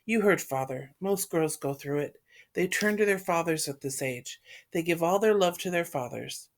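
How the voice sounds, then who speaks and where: A woman reading the part of a calm, sensible teenage older sister who reassures. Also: on the low side, moderate pace. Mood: reassuring.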